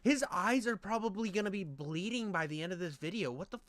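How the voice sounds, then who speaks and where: A man's voice: high-pitched, animated, a little fast, fairly bright tone, a little hiss or hum. A young man doing crude, mocking reaction commentary in profane bro-speak.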